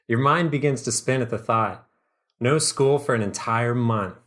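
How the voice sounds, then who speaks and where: A man hosting a podcast, reading a comedic second-person story in a dry, deadpan way. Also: medium pitch, measured pace.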